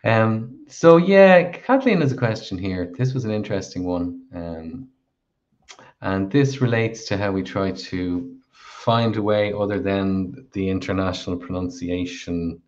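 An Irish man co-hosting a live Q&A, reading out viewer questions in an affable, measured way. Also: sits low, darkish tone. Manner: affable, measured, reads questions aloud slowly. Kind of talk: casual live Q&A chat. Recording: dull lo-fi stream audio.

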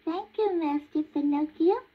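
A man voicing a tiny, polite newborn chick in a squeaky high voice on an old storybook record. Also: unhurried. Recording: dull old vinyl record.

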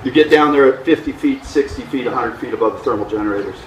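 A middle-aged man giving an outdoor hang gliding lesson, animated and mimicking instrument beeps. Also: fast talker, echoey room, slight background noise, rough recording. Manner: animated, imitates vario beeps with rising pitch. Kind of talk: outdoor flying lesson talk. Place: outdoors at a mountain flying site.

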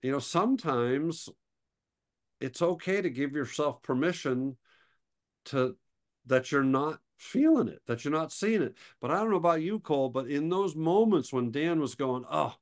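A man's voice: a little high, animated, moderate pace. Chuckling, storytelling male co-host. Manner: storytelling, chuckles often, wistful when remembering friends. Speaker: podcast co-host. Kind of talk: casual chat.

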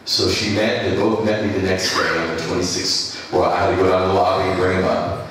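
A man's voice: low voice, flat delivery, brisk, fairly bright tone, a little hiss or hum. Man preaching in a far-off echoey hall. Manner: rambling anecdotal delivery with restarts. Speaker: pastor. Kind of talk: sermon storytelling. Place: church. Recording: echoey church hall from a distance.

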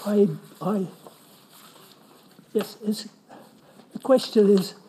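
A man asking a question as a resident at a council meeting, halting and restarting often. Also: high-pitched, fairly even intonation, warm tone, slight background noise, rough recording. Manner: halting, with many restarts and fillers. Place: council chamber.

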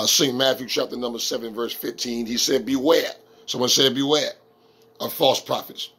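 A man preaching a sermon as a street pastor, emphatic and slowing down to read scripture verses. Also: mid-range voice, gravelly, fairly bright tone, husky.

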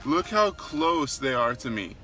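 This vlogger, a man in his twenties, chats casually to camera, joking around in a playfully overdramatic way. His mid-range voice has big pitch swings and a sharp tone, delivered at a measured pace. Faint music sits in the background.

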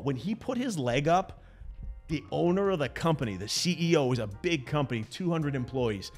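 Man, 40s, podcast co-host, casual chat, lively storyteller, faint background music. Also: on the high side, moderate pace. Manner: animated storyteller, acts out quotes.

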